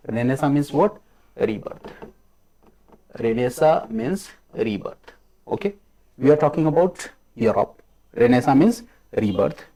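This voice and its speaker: A man's voice: medium pitch, mellow, low-quality recording. A middle-aged man, giving an exam coaching lecture, repeating key phrases and ending lines with "okay?". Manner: repetitive, ends lines with a rising "okay?"; slow, drilling emphasis on key phrases. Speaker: history teacher.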